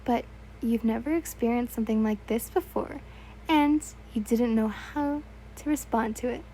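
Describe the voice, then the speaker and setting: A woman's voice: a little high, normal speed, warm tone, slight background noise, poor audio. A young woman reading fan fiction aloud in a casual, stumbling way, correcting herself and adding asides.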